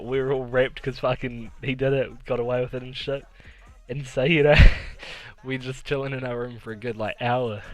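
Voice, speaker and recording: Laid-back, laughing guy telling a story. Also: mid-range voice. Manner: profane, laughs through the telling. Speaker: vlogger. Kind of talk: casual storytelling.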